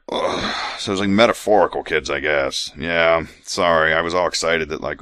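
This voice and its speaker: In studio-quality audio with no echo, a man with a very deep, bright, forceful voice hosts a comedic podcast at normal speed. He recites scripture with mock solemnity, then interrupts with sarcastic, irreverent asides that mock what he's just read.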